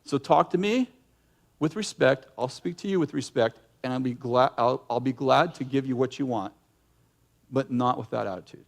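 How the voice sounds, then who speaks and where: A middle-aged male pastor preaching a sermon in an animated way, breaking into acted yelling now and then. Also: mid-range voice, normal speed, creaky. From United States.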